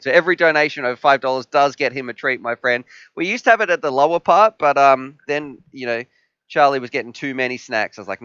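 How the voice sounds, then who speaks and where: Man, live stream host, casual chat, laughs often, bright voice, dry close mic. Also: fairly high pitch, a little fast, clean tone, dry recording, muffled recording. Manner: chatty, laughs often, reads out chat messages.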